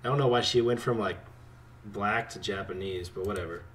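A man giving casual commentary while playing a card game, talking to his opponent and swinging between excited outbursts and quiet muttering. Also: fairly low pitch, a little fast, a little hiss or hum.

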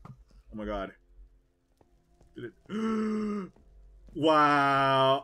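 A young man giving excitable, jokey live commentary while streaming a game. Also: mid-range voice, drawn-out words, pauses often.

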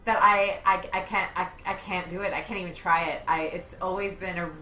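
A woman's voice: lowish voice, a little fast. A woman streamer chatting casually and laughing a lot while playing a co-op game. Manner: playful, laughs often, excitable. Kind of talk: casual co-op gameplay chat. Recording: echoey room with game music.

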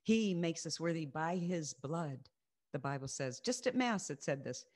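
A woman with a somewhat low voice teaches her faith group over a video call. She speaks earnestly and repeats her key phrases to drive them home while sharing her own testimony. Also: animated, normal speed, darkish tone. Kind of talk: Christian teaching and personal testimony.

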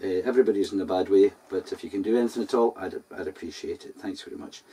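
A Scottish man hosts an online folk gig, chatting casually and a bit self-deprecatingly between songs. His low, mellow, slightly rough voice comes very fast and sounds distant, off the mic.

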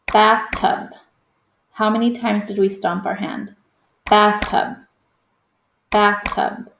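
A woman's voice: mid-range voice, creaky, roomy sound, slight background noise. A woman teaching a phonics lesson to young children, patient and encouraging, stretching out each vowel sound.

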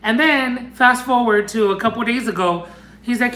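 A man unboxing fan mail in a casual chat, gushing and excitable, bursting into squeals and dropping into Spanish phrases. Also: sits high, normal speed, a little hiss or hum. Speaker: unboxing vlogger. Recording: echoey room.

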